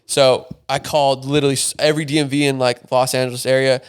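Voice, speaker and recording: A man's voice: mid-range voice, little pitch movement, clean tone. A young man, a podcast guest, telling a story in casual chat, swearing often and packing his talk with filler words. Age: young adult. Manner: rapid, profane, heavy filler words.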